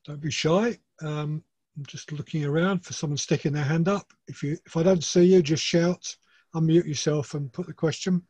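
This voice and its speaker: A man's voice: a little high, fairly even intonation, moderate pace, darkish tone, husky, no echo. A man chairing questions at a club meeting on a video call, friendly and joking with lots of fillers.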